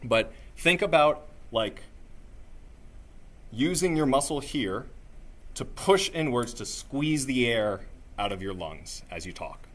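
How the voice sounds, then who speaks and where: Leading a live workshop, this man guides the group like a singing-trained voice coach, energetic and encouraging, constantly asking "right?" and "okay?". He speaks slowly from a mid-range voice and pauses frequently.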